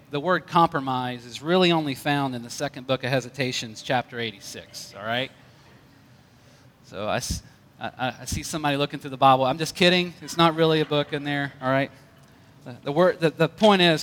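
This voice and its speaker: A man's voice: fairly high pitch, fairly bright tone, big-room sound. A male pastor preaching a conversational sermon with light jokes.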